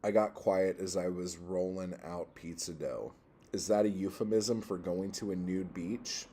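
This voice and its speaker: A man's voice: low voice, fairly even intonation, measured pace, warm tone, a little hiss or hum. A man hosting a casual livestream, reading chat and rambling, profane and easily worked up.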